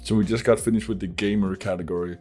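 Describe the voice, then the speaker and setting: A man's voice: fairly low pitch, steady tone, fast, darkish tone, soft background music. A man hosting a casual podcast who rambles profanely, packing his talk with "like" and breaking into laughs. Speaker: podcast host.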